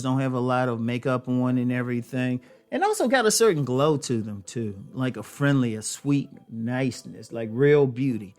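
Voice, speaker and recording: A man hosting a dating advice show, speaking to women in a loose storytelling way, with many fillers. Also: mid-range voice. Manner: conversational, storytelling, frequent fillers and laughs. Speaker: host. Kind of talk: casual advice monologue.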